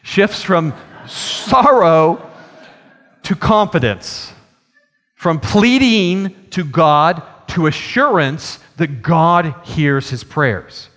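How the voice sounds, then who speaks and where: Earnest preacher in a reverberant hall. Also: male voice, fairly high pitch, lively intonation, fairly bright tone. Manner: earnest, swells in emphasis and slows on key phrases. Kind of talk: sermon.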